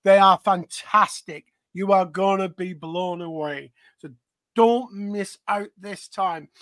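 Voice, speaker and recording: A man co-hosts a live podcast in a hearty, enthusiastic style, full of pub-talk banter. His voice sits high for a man and sounds very dry and close, with no room sound. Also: takes it slowly, fairly bright tone, dry recording. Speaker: podcast co-host. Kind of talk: casual live podcast chat.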